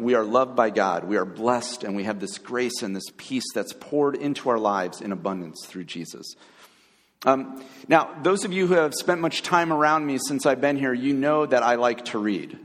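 A man preaching a conversational sermon as a pastor, pausing often with fillers and restarts. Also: medium pitch, lively intonation, in a large hall.

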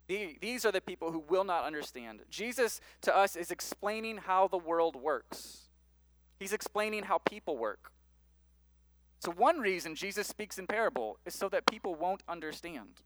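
A man's voice: high voice, expressive, moderate pace, fairly bright tone, no room sound. A man preaching a sermon, reading scripture aloud and then explaining it in a conversational way. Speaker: pastor.

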